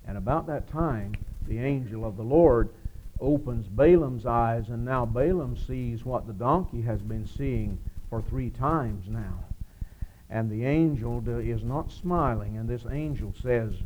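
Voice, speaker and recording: Lively man retelling a story in a sermon. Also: medium pitch, a little slow, dull audio, a little hiss or hum. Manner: lively, rising to emphatic loud peaks. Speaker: preacher.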